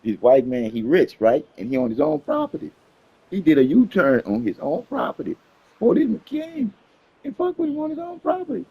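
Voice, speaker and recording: Animated man telling a story casually. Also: high-pitched, brisk, vocal fry, breathy edge, muffled recording. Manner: animated, repeats words, swears freely.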